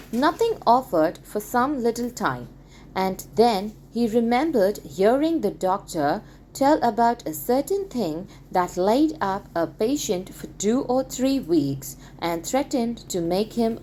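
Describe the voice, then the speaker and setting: A woman reads a story aloud for schoolchildren, at an unhurried pace. Her pitch rises and falls in a lively way, and each phrase is clear and deliberate. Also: slight background noise. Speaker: audiobook reader. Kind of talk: expressive read-aloud narration.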